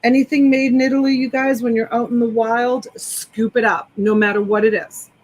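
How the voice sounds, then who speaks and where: A woman's voice: fairly high pitch, flat delivery, normal speed, a little mellow, poor audio. A woman hosting a live selling stream, chatting enthusiastically as she describes each clothing item. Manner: enthusiastic, rambling product descriptions. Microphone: desktop USB microphone.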